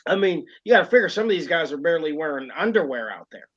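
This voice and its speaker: A man's voice: a little high, very animated, quick pace, a bit bright, muffled recording. A man co-hosting a wrestling podcast, talking casually and rambling with lots of fillers. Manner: rambling, lots of fillers and "you know what I mean". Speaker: podcast co-host.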